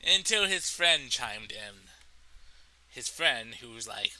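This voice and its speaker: A man telling a story from his life in a casual storytime monologue, animated and profane, laughing at his own tale. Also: mid-range voice, normal speed, gravelly, a little hiss or hum, low-quality recording. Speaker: storytelling vlogger.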